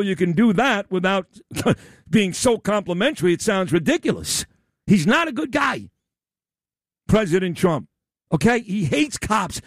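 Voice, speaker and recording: Combative male talk radio host, high and animated, loud sarcastic rant, dry studio mic. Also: dry recording.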